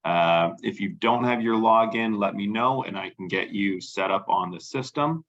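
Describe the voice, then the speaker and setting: A man with a low voice hosting an online webinar and demoing software, casual and full of fillers. The sound is dull and lo-fi, like a web call. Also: moderate pace. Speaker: webinar host.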